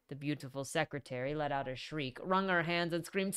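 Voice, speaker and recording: A woman reading a novel aloud in an animated, casual way, stopping to correct her own slips. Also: sits low, a little fast, hardly any pauses, smooth. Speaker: reader.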